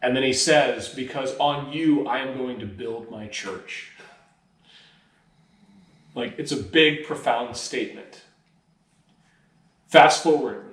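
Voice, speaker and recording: Man, casual sermon, storytelling, mid-pitched voice, echoey church sound from afar. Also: takes it slowly, pauses often, a bit bright. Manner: casual storytelling, voices quoted lines animatedly. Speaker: pastor. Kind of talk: conversational sermon. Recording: roomy, picked up from a distance.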